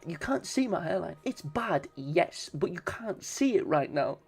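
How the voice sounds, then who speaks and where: A man's voice: a little high, sing-song, unhurried, vocal fry, slightly rough. A man streaming casually, swearing and bantering with his chat.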